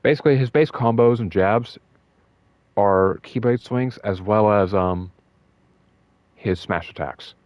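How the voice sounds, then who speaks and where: Young guy gushing and rambling, kinda low voice, lots of ums, dry muffled mic. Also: measured pace, pauses often, no room sound. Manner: excited, rambling, with fillers and repeats. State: emotional. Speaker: gaming video host. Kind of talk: casual rambling commentary.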